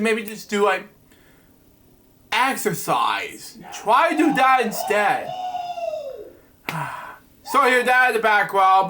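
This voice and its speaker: A man's voice: high voice, sharp tone, slight background noise. A man hosting a bedtime story show, reading a children's book aloud and breaking off into rambling asides that are full of "anyway". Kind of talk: casual storybook reading with commentary.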